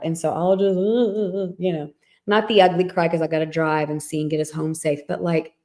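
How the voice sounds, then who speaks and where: A woman's voice: on the low side, fairly even intonation, a little fast, mellow. A woman in her thirties, co-hosting a podcast, who tells personal stories in a candid, emotional way, with many fillers and restarts. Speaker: podcast co-host. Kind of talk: casual chat.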